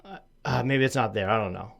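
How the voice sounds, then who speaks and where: A man's voice: fairly low pitch, brisk, gravelly. A man from Massachusetts hosting a solo podcast, chatting casually in a rambling, self-deprecating, jokey way with a slight lisp. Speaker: podcast host.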